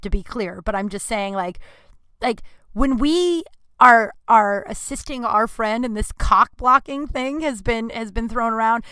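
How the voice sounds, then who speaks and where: A woman comedian hosting her podcast, telling stories in a blunt, profane, animated way. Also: a little high, a little slow, smooth, no echo. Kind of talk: casual storytelling monologue. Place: indoor room.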